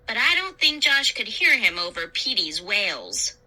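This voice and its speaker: Bright, expressive woman storyteller. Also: mid-range voice, a little slow, low-quality recording. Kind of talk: scripted narration of a spooky children's story.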